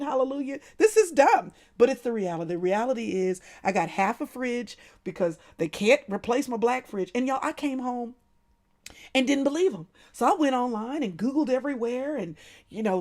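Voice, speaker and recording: Lively woman, drawl, fairly high voice, chatting on a livestream. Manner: animated, laughs often, talks to viewers by name. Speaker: livestream host. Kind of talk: casual livestream chat.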